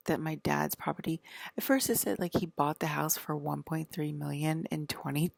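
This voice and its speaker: A woman's voice: low-pitched, steady tone, a little fast, creaky, no room sound. A woman vlogger talking in a rambling, profane casual monologue, leaning on "like" and sometimes dropping to a half-whisper. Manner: rambling and profane, heavy use of "like"; drifts into half-whispered stretches.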